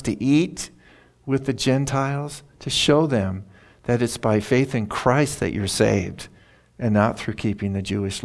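A man's voice: medium pitch, vocal fry, a little mellow. An older man preaching a conversational sermon, reading scripture aloud and telling stories from his own life. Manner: conversational Bible teaching with personal stories; reads scripture aloud in King James wording.

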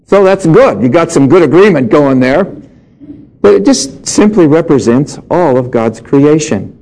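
A man's voice: on the high side, animated, unhurried, a little mellow, rough recording. A middle-aged male pastor preaching a sermon, reading scripture and telling humorous personal stories.

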